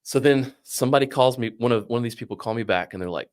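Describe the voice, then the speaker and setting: A middle-aged man telling a long story casually, animated, swearing and acting out what others said. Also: medium pitch, fast talker. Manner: animated, swearing, acts out quoted voices. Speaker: podcast guest.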